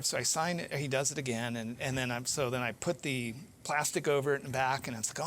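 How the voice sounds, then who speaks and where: A man's voice: mid-range voice, quick pace, few pauses, slight background noise. Chatty male host telling a story. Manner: animated anecdote-telling with many fillers and restarts. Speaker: podcast host. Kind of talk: casual storytelling in an interview.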